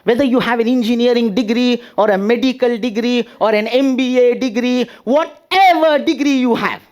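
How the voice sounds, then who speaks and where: A man giving a humorous motivational speech with drawn-out delivery and pauses before punchlines. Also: very high voice. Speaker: speech contest speaker.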